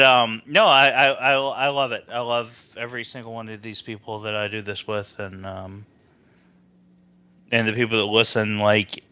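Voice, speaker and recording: A man co-hosting a podcast in loose, rambling chat, full of fillers and swearing. His voice is bright and forward, at a middling pitch. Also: dry recording. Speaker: podcast co-host.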